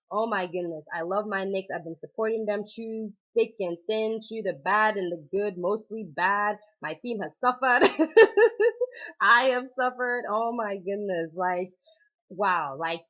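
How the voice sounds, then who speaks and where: A woman chatting excitedly in a casual vlog, gushing and laughing often as she reviews a movie. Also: medium pitch, lo-fi sound. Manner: bubbly, gushing, laughs often, repeats "oh my goodness".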